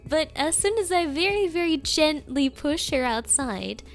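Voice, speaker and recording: A young woman streamer telling a rambling story in casual chat, giggling often and filling pauses with ums. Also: sits high, animated, faint music behind.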